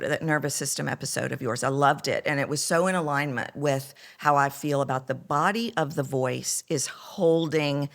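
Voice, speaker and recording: A woman voice coach talking as a podcast guest, animated, telling stories and acting out other people's voices. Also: sits low. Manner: animated storyteller, acts out voices. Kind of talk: conversational podcast interview.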